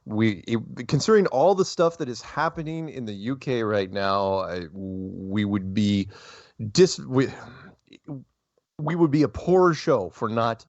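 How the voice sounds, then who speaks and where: A man hosting a talk show, talking in a rambling, animated way and laughing often. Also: mid-range voice, unhurried, dry recording, highs cut off. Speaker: show host. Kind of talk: casual interview chat.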